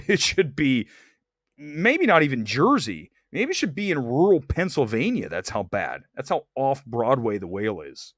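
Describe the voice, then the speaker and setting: A man's voice: mid-range voice, wildly swooping pitch, normal speed, dry recording, studio quality. A man hosting a movie livestream, chatting in a sarcastic, opinionated way and reading viewer comments aloud. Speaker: movie review livestream host. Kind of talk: casual opinionated livestream chat.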